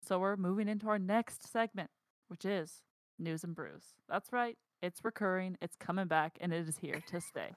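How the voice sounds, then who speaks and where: A woman's voice: fairly low pitch, moderate pace, no room sound. Barista lady venting on a podcast, dry close mic. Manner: frank, exasperated venting. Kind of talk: casual chat.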